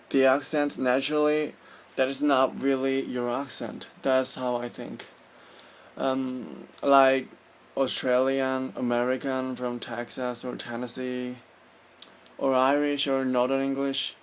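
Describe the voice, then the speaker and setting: A man from Korea, a native Korean speaker with a Korean accent, vlogging his opinions in an earnest, casual way and often stopping to search for words. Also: mid-range voice.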